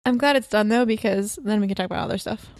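A woman in her twenties co-hosting a home podcast with her husband, talking in a relaxed, giggly way full of "like" and "um". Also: medium pitch, fast, dry recording, studio quality. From California. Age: 20s. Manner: laid-back, giggly, filler-heavy. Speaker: podcast co-host. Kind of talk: casual chat. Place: bedroom at home.

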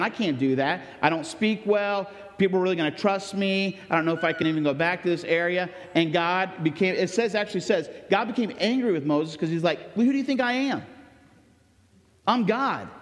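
A man delivers a sermon in an earnest, conversational way, stopping for ums and restarts as he talks. His voice sits fairly high for a man. It rings with the long reverb of a large church hall. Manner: earnest, conversational preaching with fillers. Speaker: pastor.

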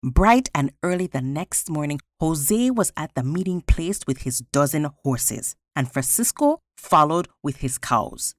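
A woman reading a folktale aloud as a storyteller, expressive and sing-song. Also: low voice, unhurried, hardly any pauses, no echo, clean studio sound.

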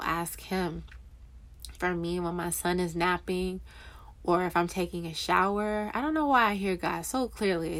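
A young woman talks about faith in a loose, earnest way, stopping to fix her words and filling gaps with "you know." Her voice sits a little low for a woman, and she leans warmly into her points. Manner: earnest, rambling, self-correcting with fillers. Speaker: Christian encourager speaking to waiting spouses. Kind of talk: casual faith talk.

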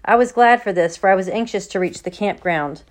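A woman narrating an audiobook chapter in a steady, unhurried reading voice. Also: mid-range voice. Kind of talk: storybook narration.

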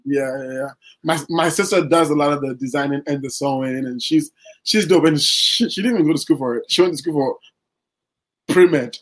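A man's voice: fairly high pitch, normal speed, low-quality recording. Rambling young man, filler-heavy chat. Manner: rambling, many fillers and restarts. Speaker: guest poet. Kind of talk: casual interview talk.

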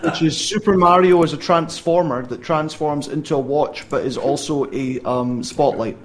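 Teasing Scottish man, fairly high voice. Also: moderate pace, a little hiss or hum. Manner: teasing, wry. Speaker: co-host. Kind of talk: casual chat.

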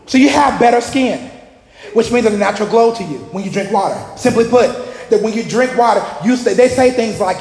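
A man with a very high, gravelly voice preaches a lively sermon in a church hall. He is energetic and joking, and he often shouts out to the congregation. The echoey room carries a long reverb behind him. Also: normal speed, pauses often.

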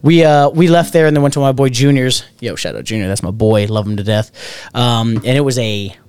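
A man's voice: mid-range voice, a little fast, smooth. A man telling long party stories in casual chat, swearing freely and acting out quotes. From Alabama family roots. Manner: profane, animated anecdote-telling with acted quotes. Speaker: podcast host.

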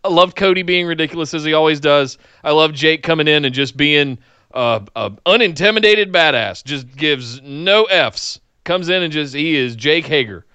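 A high-pitched man with a bright, crisp voice trades jokes as a casual chat co-host. His delivery swings up and down with lively energy. The sound is dry and close. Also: normal speed, no echo, lo-fi sound. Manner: jokey, animated, breaks into laughter. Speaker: podcast co-host.

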